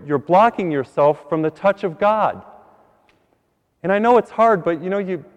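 A priest giving an earnest sermon, repeating words and building to higher emphasis on key points. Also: male voice, a little mellow, long reverb tail. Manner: earnest, repeats words, rises in pitch when stressing a point.

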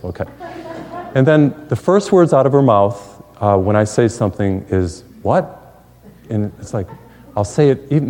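A man's voice: fairly low pitch, dark tone. Man preaching in a reverberant hall. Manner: folksy storytelling with jokes and asides. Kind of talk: sermon.

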